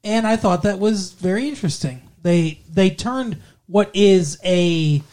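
This podcast co-host's voice is high-pitched and darkish, his pace a bit slow. He rambles casually about a film and swears now and then.

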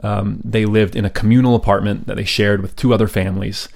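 Male podcast host with a lowish voice, relaxed history storyteller who adds chatty asides. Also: brisk, vocal fry. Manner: casual and chatty, with asides and fillers.

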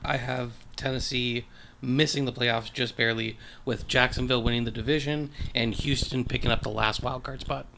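A man's voice: medium pitch, fairly even intonation, normal speed, creaky, pushed and bright, a little hiss or hum. A man co-hosting a casual sports podcast, playful and joking in his banter. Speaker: podcast co-host.

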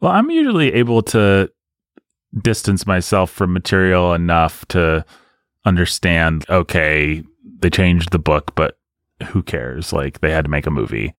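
Podcast co-host, male, very low voice, dry close recording, chatty and opinionated. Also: animated, a little slow, no room sound. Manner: opinionated, conversational, digressive. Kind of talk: casual film discussion.

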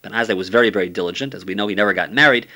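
A man's voice: on the low side, racing, bright, forceful tone. A man teaching a summary of a Talmud page, reading steadily and using many Hebrew and Aramaic terms.

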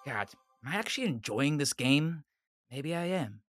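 A man's voice: fairly high pitch, lively intonation, normal speed, over music. A man playing a comedy tabletop game, joking and laughing between moves. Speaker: player.

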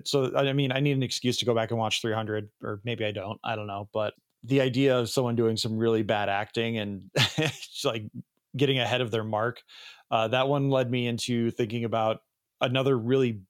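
A man co-hosting a podcast, chatting casually and getting animated when he mocks bad film lines. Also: medium pitch, normal speed. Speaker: podcast co-host. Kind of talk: casual chat.

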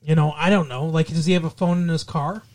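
A man co-hosting a casual podcast, retelling TV scenes with a lot of laughing and loud acted-out lines. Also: a little high, quick pace. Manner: animated, acts out scenes in loud silly voices, laughs often. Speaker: podcast co-host. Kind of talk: casual chat recapping a TV show.

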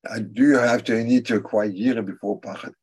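A husky, fairly low-voiced man gives a religious class. He answers students' questions thoughtfully and haltingly, coming back to key phrases again and again to press them home. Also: steady tone, a little mellow. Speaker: religious teacher.

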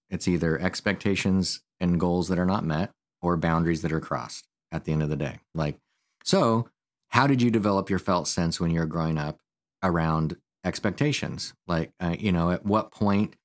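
A man who works as a counselor, co-hosting a podcast and explaining ideas in a rambling, casual way with many fillers. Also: deep voice.

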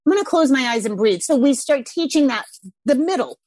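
High, lively woman, very dry sound. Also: brisk, no room sound. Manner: animated, laughs often, acts out little scenes. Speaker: parenting coach. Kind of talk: casual podcast conversation.

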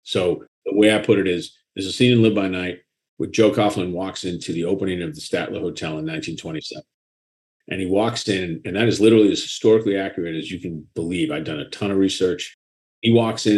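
A man with a Boston accent, an author talking frankly and with animation in a casual interview. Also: low voice. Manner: frank and animated, quick asides and laughter.

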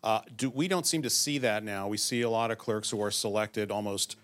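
A man's voice: fairly low pitch, brisk, a bit bright. A man in the audience asking a long, hesitant question with many fillers.

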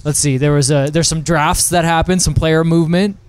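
A man's voice: a little high, fairly even intonation, brisk, smooth, no echo. A man co-hosting a casual podcast with dry, teasing wit. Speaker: podcast co-host. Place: office building, top floor.

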